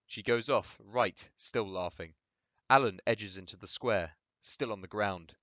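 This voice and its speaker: A man's voice: fairly low pitch, measured pace, fairly bright tone, dry recording, highs cut off. A man reading a play aloud, delivering the stage directions plainly and steadily. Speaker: reader.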